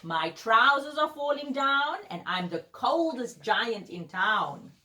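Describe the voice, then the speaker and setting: A woman's voice: on the high side, big pitch swings, takes it slowly, pitched above the performer's own voice, exaggerated voice. Woman doing a cheerful kind giant. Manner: sing-song, bright and upbeat. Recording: roomy echo.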